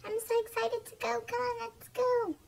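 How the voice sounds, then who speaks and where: A woman's voice: extremely high pitch, little pitch movement, normal speed, vocal fry, a little hiss or hum, voice pushed up. Woman doing a chirpy little schoolgirl. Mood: excited. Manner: chirpy, sing-song. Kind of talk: toy role-play voicing.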